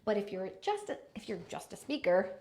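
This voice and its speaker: A woman's voice: sing-song, brisk, dark tone. A woman teaching a live online lesson on speaking voice, demonstrating habits with exaggerated examples. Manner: demonstrative, shifts pitch and volume to show habits. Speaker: voice and speaking coach.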